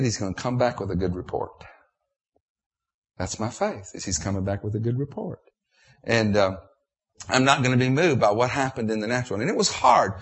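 Middle-aged man, husky voice, emotional sermon, repeats himself. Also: medium pitch. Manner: emotional, preacherly, repetitive with restarts. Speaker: preacher.

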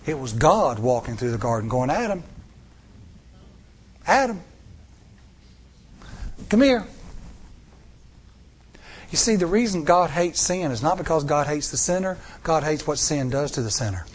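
A man's voice: on the high side, lively intonation, a little fast, hardly any pauses, a little hiss or hum. A middle-aged man preaching a sermon to a congregation, with repeated rhetorical questions and rising emphasis. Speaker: pastor.

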